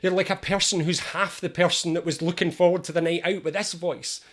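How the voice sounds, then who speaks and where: Man, anxiety coach, fairly high voice, lively storytelling explainer. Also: fairly quick. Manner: lively, storytelling, acts out scenes. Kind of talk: explainer video monologue.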